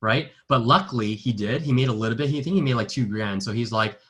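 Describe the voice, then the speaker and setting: A man's voice: mid-range voice, fast, fairly bright tone. A young man giving an earnest personal testimony in a sales training talk, acting out the dialogue he quotes. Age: young adult. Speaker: network marketing distributor.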